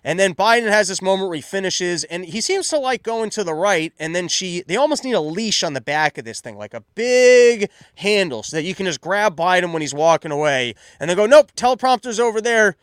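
A man's voice: sits high, brisk, few pauses, clean tone, dry recording. Sarcastic male commentary host, dry sound. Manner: sarcastic, animated, riffing. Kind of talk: casual political commentary.

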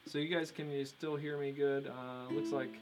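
A man's voice: medium pitch, little pitch movement, moderate pace, poor audio. A man teaching guitar in a casual live-streamed lesson, explaining a strumming pattern and counting beats aloud. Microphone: streaming mic through a compressor. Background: his own strummed acoustic guitar.

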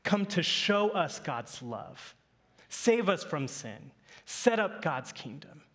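A man's voice: high-pitched, a bit bright. A male pastor in his thirties giving a sermon, telling a playful family story to his congregation.

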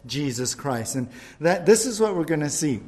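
A male pastor leading a verse-by-verse Bible study in a church, preaching in a lively, conversational way with jokes. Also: a little high, normal speed.

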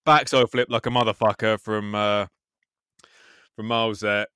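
Excitable sweary man. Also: on the low side, moderate pace, clear, resonant tone, dry recording, clean studio sound. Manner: excitable, swears freely, says "mate" often. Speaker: co-host reacting to a skate video. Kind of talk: casual reaction commentary.

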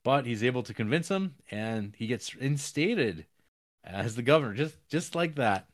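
A man's voice: medium pitch, lively intonation, normal speed, dry recording, studio quality. A man co-hosting a podcast, recapping a film in a casual, rambling way full of fillers and wry, profane asides. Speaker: podcast co-host.

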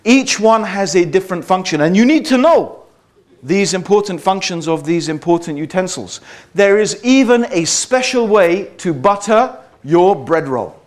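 A man's voice: high voice, animated, normal speed. A man giving a public talk to a live audience, conversational and wry, often checking in with "okay?" and "right?". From Britain. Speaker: speaker addressing an audience.

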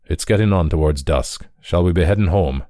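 A man's voice: deep voice, brisk, mellow, dry recording, natural voice. A man voicing a weary, wry male fairy trickster in the shape of a dog, with a dry, teasing manner.

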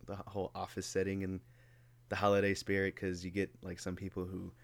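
A man's voice: low-pitched, monotone, brisk, gravelly, no room sound. A young man hosting a podcast in casual chat. He is laid-back, swears freely and laughs often. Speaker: podcast host. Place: warm home room.

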